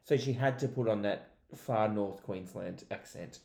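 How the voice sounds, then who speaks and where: A man co-hosting a podcast in casual chat, telling things in a lively, animated way. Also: fairly low pitch, measured pace, gravelly. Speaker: podcast co-host. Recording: roomy echo.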